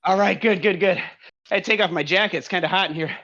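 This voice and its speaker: Breathless, bright-voiced male podcast host. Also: high-pitched, fast talker, muffled recording. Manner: breathless, introducing guests while riding an indoor bike. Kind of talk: casual live podcast chat.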